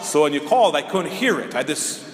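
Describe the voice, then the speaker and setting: A man's voice: on the high side, lively intonation, brisk. A male priest from Minnesota telling a light, self-mocking story during a homily. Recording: echoey hall with faint noise.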